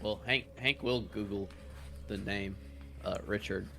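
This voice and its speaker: An easygoing man chatting as a player in a tabletop game. Wry, in a low voice. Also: fairly even intonation, a little slow, gravelly, sharp tone. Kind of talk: casual game chat.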